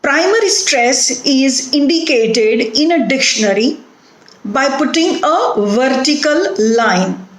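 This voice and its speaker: Slow-speaking Indian English woman lecturer. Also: high-pitched, expressive, roomy sound, low-quality recording. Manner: slow, deliberate, repeats words to model stress. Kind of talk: recorded phonetics lecture.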